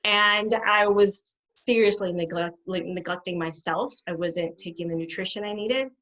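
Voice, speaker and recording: A middle-aged woman, a guest behaviour specialist, telling her stories in an animated way and laughing often. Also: on the low side, normal speed. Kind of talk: conversational interview. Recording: dull lo-fi sound.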